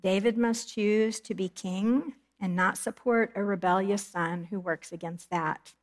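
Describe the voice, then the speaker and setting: A middle-aged woman giving a Bible study lesson in an earnest, measured way, reading scripture aloud and explaining it. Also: mid-range voice, fairly even intonation. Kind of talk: Bible teaching lecture.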